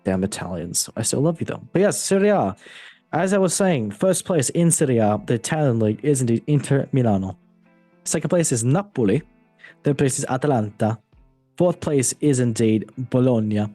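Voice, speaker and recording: Mellow-voiced football podcast host. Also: male voice, medium pitch, moderate pace, no room sound, soft background music. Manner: relaxed, joking, reads results in a steady run. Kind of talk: casual football chat.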